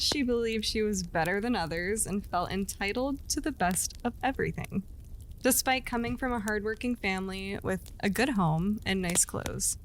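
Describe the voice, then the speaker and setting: A woman's voice: mid-range voice, a little hiss or hum, rough recording. A woman co-hosting a podcast, telling a legend in casual chat and laughing often between lines. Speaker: podcast co-host.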